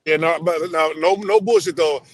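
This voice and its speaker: A man's voice: fairly high pitch, moderate pace, no room sound. A man from Los Angeles hosting a casual chat, rambling and profane, with lots of fillers. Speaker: podcast host.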